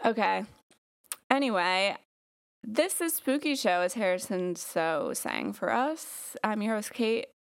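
A woman's voice: medium pitch, sing-song, slow, creaky. A woman hosting a casual podcast, chatty and giggly, rambling with many fillers. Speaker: podcast host. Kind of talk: casual chat.

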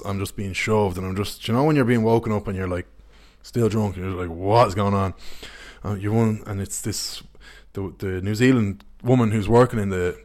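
Young bloke, lowish voice, swears freely, rambles through his stories. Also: darkish tone. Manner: candid, sweary, rambling anecdotes. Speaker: podcast host. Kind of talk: casual storytelling chat.

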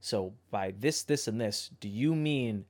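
A young man hosting a podcast in casual chat, thinking out loud in a reflective way and often correcting himself mid-sentence. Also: medium pitch, a little slow. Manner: reflective, rambling, self-correcting. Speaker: podcast host.

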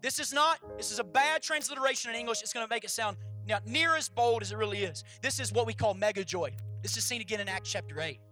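A pastor preaching a sermon at a church service, animated and swinging between loud and hushed delivery. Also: medium pitch, fast, hardly any pauses, soft background music.

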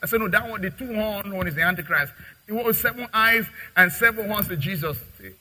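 A middle-aged male pastor preaching a sermon, acting out little dialogues and swinging from quiet to loud. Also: sits high, fairly quick, slight background noise, rough recording. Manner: preaching with dramatic acted-out dialogue and big swings in loudness.

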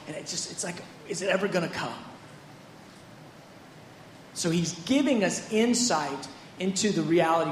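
High-voiced man preaching in echoey room. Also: fairly bright tone, a little hiss or hum. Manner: conversational, dramatizes scripture with acted-out quotes. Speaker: pastor. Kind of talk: sermon.

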